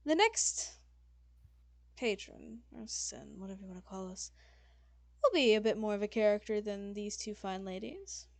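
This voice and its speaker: A woman's voice: mid-range voice, moderate pace, vocal fry, no echo. A woman game master narrating a tabletop game in a loose, casual way, full of fillers and swearing.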